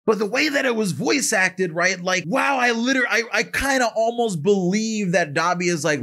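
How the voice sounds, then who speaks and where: A man's voice: sits high, lively intonation, normal speed, hardly any pauses, pushed and bright. A man hosting an anime reaction channel, giving chatty commentary full of slang and tag questions.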